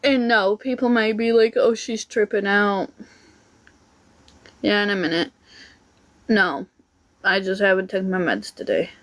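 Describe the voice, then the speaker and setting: A woman's voice: mid-range voice, normal speed. A woman ranting casually to camera in a rambling, aggrieved way, swearing freely. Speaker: vlogger.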